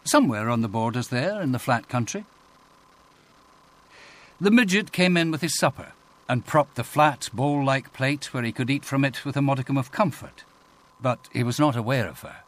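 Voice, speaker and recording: A man narrating an audiobook in a measured, expressive reading voice. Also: mid-range voice. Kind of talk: scripted narration.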